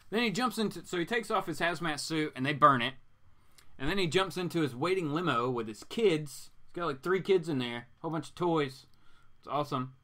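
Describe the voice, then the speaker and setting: Lively, bright-voiced man reading comics. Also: a little high, brisk. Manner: chatty, amused asides. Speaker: comic reader, host. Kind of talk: casual comic-book reading with commentary.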